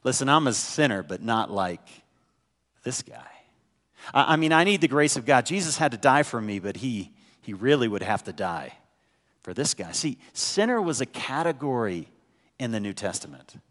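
A man's voice: mid-range voice, sing-song, moderate pace, a bit bright, in a large hall. A man preaching a sermon with a head cold, talking conversationally and asking the congregation rhetorical questions. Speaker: pastor. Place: church sanctuary.

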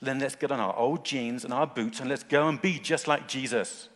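A man's voice: medium pitch, moderate pace, a bit bright. A man preaching a sermon in short, earnest phrases, rising at times to fervent emphasis. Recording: long hall reverb.

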